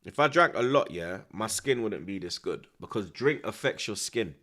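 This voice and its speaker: Chatting casually at a moderate pace, a young man with a voice on the low side streams his live reaction to a football match. He's animated, speaking in street slang with many tag questions.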